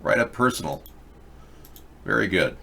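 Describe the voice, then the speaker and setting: A man's voice: fairly low pitch, lively intonation, a little slow, creaky, bright, forceful tone, breathy edge. Rambling older male commentary host. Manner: rambling, opinionated, with restarts and fillers. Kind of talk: casual commentary on video clips.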